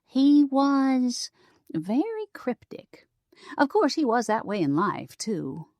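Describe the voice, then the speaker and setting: A woman's voice: high voice, big pitch swings, takes it slowly, a little mellow, no room sound, studio quality, pitched above the performer's own voice, exaggerated voice. Woman reading a teasing old grandmother ghost. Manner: chatty, dramatic, stretches out the big moment. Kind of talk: audiobook character voice.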